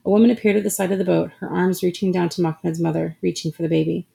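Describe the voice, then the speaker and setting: Woman reading a story out, measured and steady, lots of vocal fry. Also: fairly low pitch. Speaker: audiobook narrator. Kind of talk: scripted story narration.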